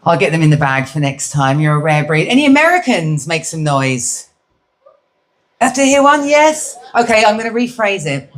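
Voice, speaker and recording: A middle-aged woman from Britain does stand-up at a comedy venue, cheekily working the live crowd. Her voice sits low and is very animated, moving a little fast.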